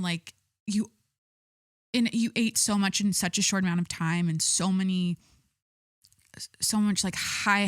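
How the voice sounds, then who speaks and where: A woman's voice: mid-range voice, no echo, studio quality. A young adult woman hosting a podcast, talking casually and rambling with lots of filler words. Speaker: podcast host. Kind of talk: casual chat.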